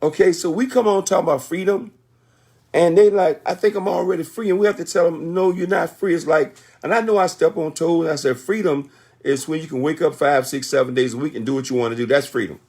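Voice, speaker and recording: A man's voice: fairly high pitch, fast talker, a little mellow. A man in his sixties giving a motivational talk on a conference call, emphatic and repetitive like a sermon. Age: 60s.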